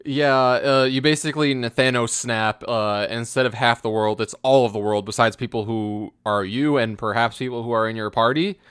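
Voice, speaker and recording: A man's voice: mid-range voice, normal speed, few pauses, a bit bright, smooth, dry recording, studio quality. A man co-hosting a casual gaming podcast, drawling his playful jokes. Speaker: podcast co-host.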